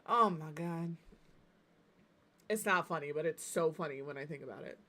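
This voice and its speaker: A woman streaming as she builds in a game, talking in a relaxed, chatty way and giggling through her stories. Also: low-pitched, normal speed. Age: adult parent. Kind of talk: casual chat while building in a game.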